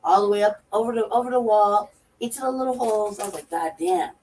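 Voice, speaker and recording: A woman co-hosting a talk show, telling a profane story in a lively way and acting out her own reactions. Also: mid-range voice, fast talker. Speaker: podcast co-host. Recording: distant mic with faint noise.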